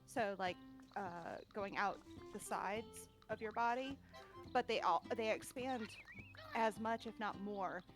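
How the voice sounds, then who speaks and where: A woman's voice: mid-range voice, takes it slowly. Giggly chatty woman, music behind. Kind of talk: casual chat.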